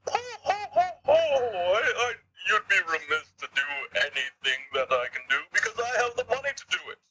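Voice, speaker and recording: A man's voice: high-pitched, big pitch swings, a little fast, sharp tone, breathy edge, pitched above the performer's own voice, exaggerated voice, poor audio. A man putting on a smug posh rich gamer. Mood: gloating. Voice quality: haughty laughing upper-class drawl. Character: smug posh rich male gamer who pays to win.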